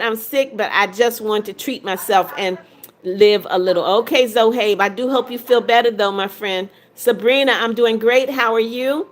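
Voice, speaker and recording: A woman in her seventies hosting a livestream, casually reading viewers' comments aloud and greeting them by name. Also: a little high. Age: 70s. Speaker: livestream host.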